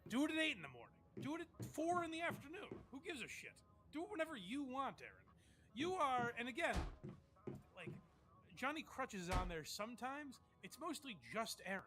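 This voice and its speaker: A man's voice: extremely high pitch, very animated, brisk, background noise. A male streamer hosting, chatting casually and commenting on clips in a rambling, profane way. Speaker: streamer host.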